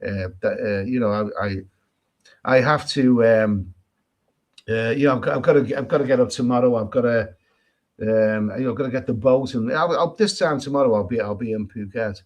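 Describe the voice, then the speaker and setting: A man's voice: mid-range voice, moderate pace. A man from England hosting a casual travel live stream, reading viewer comments aloud and answering them in a chatty, repetitive way with many restarts and emphatic opinions. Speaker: travel vlogger host. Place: island in Thailand.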